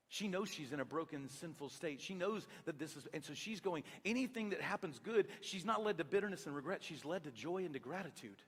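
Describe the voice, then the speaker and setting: A man preaching a sermon as a pastor, conversational and animated, acting out the dialogue and dropping from loud to hushed. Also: a little high, brisk, slightly rough. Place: church sanctuary. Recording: long reverb of a large church hall.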